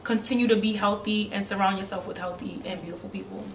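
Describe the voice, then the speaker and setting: A woman's voice: medium pitch, fairly even intonation, fast, reverberant, distant mic, slight background noise, poor audio. A woman in her twenties from Brooklyn, a guest in a casual chat, talking bluntly and animatedly with profanity and frequent laughter. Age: 20s.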